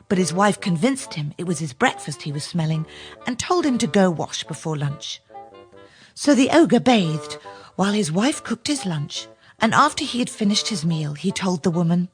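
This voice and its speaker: Expressive woman telling a fairy tale. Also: lowish voice, faint music behind. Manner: expressive, drawn-out storytelling. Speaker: storyteller. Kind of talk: scripted fairy-tale narration.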